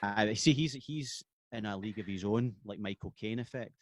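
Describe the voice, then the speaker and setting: Scottish male guest, low-pitched, loose and chatty with restarts, dry call audio. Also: normal speed, no echo, soft background music. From Scotland. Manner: rambling, many restarts, laughs easily. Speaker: guest musician. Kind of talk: casual podcast chat. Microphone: video call.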